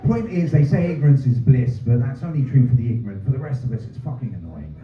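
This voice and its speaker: A man from North doing a stand-up set, ranting and swearing with dry deadpan asides. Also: medium pitch, fast talker, crowd noise. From North London. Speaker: stand-up comedian. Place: small pub comedy room. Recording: roomy, distant, phone-like sound. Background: audience laughter.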